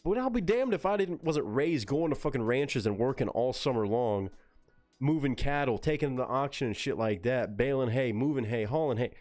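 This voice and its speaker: A man from Texas with a Texan accent, ranting and reading chat on a casual live stream, profane and animated, slipping into voices to mimic people. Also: medium pitch, normal speed, soft background music.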